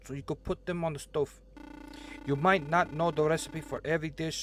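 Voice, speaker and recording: A man's voice: on the high side, slight background noise, natural voice. A man voicing a formal, stern elderly restaurant owner in a put-on accent while reading game dialogue aloud. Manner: exaggerated put-on accent, formal instructive delivery.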